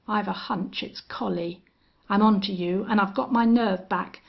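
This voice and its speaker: A woman's voice: medium pitch, steady tone, normal speed, gravelly, lo-fi sound. A woman reading an audiobook western voices a cowardly, blustering young ranch heir who stammers in panic. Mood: defiant.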